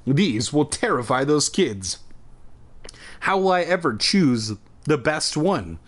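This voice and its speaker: A man reading the lines of a nervous, excited boy in a storybook, staying close to his own voice. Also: fairly high pitch, takes it slowly, heavily acted. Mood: anxious excited.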